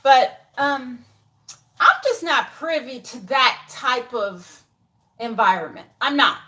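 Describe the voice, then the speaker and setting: A woman's voice: high-pitched, lively intonation, slow, pushed and bright. A woman talking to camera in a casual vlog, full of exasperated, incredulous rhetorical questions. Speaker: YouTuber.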